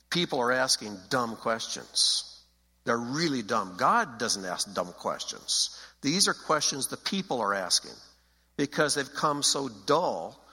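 A man's voice: mid-range voice, pushed and bright, slightly rough, in a large hall, low-quality recording. A man preaching a sermon in an emphatic, conversational way, repeating phrases for weight. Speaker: pastor.

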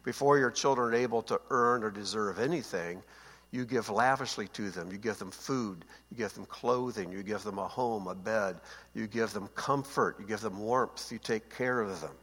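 A man's voice: lowish voice, moderate pace, fairly bright tone, slightly rough. Man teaching Bible in reverberant hall. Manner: conversational, asks listeners to confirm. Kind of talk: seated Bible teaching talk.

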